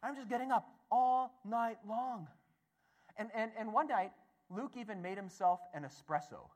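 A man giving a storytelling talk to an audience, animated and acting out voices, often stammering and restarting. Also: high-pitched, moderate pace. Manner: animated, acts out the voices in his stories. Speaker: speaker at a Catholic gathering.

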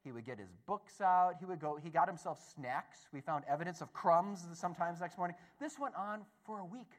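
A man giving a storytelling talk to an audience, animated and acting out voices, often stammering and restarting. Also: sits high, fairly quick. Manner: animated, acts out the voices in his stories. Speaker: speaker at a Catholic gathering.

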